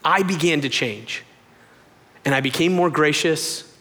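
A young adult man preaching a sermon, telling a personal story in an animated way and jumping up high in pitch when he acts out what people said. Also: measured pace. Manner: animated storytelling, voices quoted lines in a much higher pitch. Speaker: pastor. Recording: long hall reverb.

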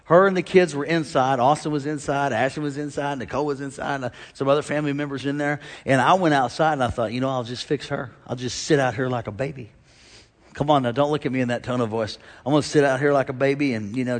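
A middle-aged male pastor preaching a sermon to a congregation, an animated preacher who swings between loud exhortation and quiet storytelling. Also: medium pitch. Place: large church hall with a congregation. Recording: long hall reverb.

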